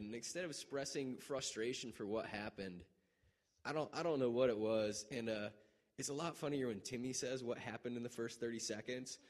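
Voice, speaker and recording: A man casually telling a story about an injury on a mission trip, animated and laughing often, acting out what others said. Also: medium pitch, brisk. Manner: animated, laughing, acts out quoted voices.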